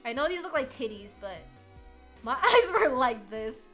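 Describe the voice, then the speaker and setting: A young adult woman streaming, telling a story in a casual, animated chat full of filler words. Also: high-pitched, measured pace, faint music behind.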